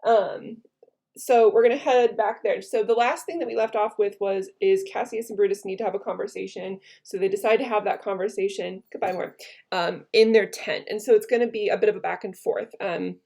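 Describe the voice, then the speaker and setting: A woman's voice: medium pitch, fairly even intonation, brisk, creaky, dark tone. A woman teacher giving a casual recorded lesson from home, chatty and full of ums, retelling lines in modern slang. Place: her home.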